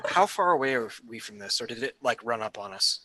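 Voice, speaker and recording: A man playing at a tabletop game, tossing out quick deadpan quips. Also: mid-range voice, a little hiss or hum. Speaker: player. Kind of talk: casual banter at a game table.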